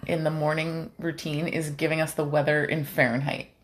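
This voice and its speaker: A woman's voice: sits low, flat delivery, normal speed, a little hiss or hum. A woman co-hosting a morning live stream who chats with a dry, teasing humor and also reads a devotional passage aloud. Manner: dry, teasing, laughs easily. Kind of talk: casual morning chat and devotional reading.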